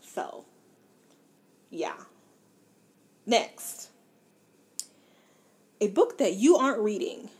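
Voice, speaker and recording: A young woman vlogging about books in a casual, candid and blunt way, with animated, self-deprecating asides. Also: medium pitch, very slow, long pauses. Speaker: book vlogger. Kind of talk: casual book review chat.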